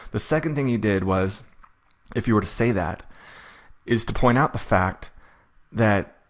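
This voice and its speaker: A man coaching a client for a courtroom hearing, talking fast and acting out what the judge and defendant might say. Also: fairly low pitch, fairly bright tone. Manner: fast-talking, self-admittedly rushed; acts out judge and defendant lines in quick asides. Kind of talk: coaching session recap.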